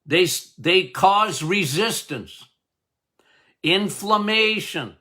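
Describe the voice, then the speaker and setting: Man, podcast doctor, high voice, slow deliberate delivery, emphatic, repeats key words, jokey. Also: animated, bright, forceful tone. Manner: emphatic and repetitive, drumming points home; jokey, laughs at his own lines. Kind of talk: health podcast talk.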